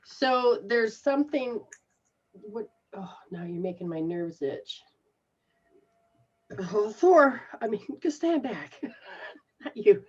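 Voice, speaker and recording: Slow-talking lady doing a psychic reading on a call-in show, lowish voice, kinda muffled lo-fi sound. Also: big pitch swings, darkish tone, husky. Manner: slow, halting, laughs often. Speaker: psychic reader, show host. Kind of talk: live call-in spiritual reading.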